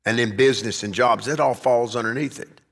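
A man's voice: mid-range voice, fairly quick, gravelly, slightly rough, in a large hall. A man preaching a sermon as pastor, swelling to emphatic peaks as he drives his points home. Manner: preaching, rising and emphatic at climaxes.

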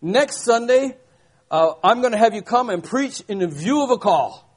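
A man's voice: extremely high pitch, animated, normal speed, voice pushed up. A man voicing an older male Southern country preacher, folksy and insistent.

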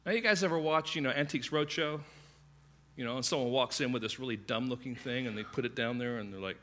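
A man preaching a sermon, telling stories in a conversational way and acting out the voices of the people in them. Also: mid-range voice. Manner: conversational, animated storytelling with quick asides; acts out quoted voices. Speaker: pastor.

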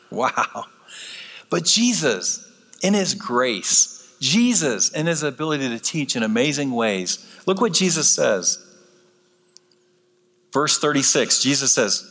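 Guest preacher, male, mid-pitched, lively delivery, big church reverb. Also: slow, long pauses. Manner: animated, acts out quoted voices. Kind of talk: sermon. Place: church sanctuary.

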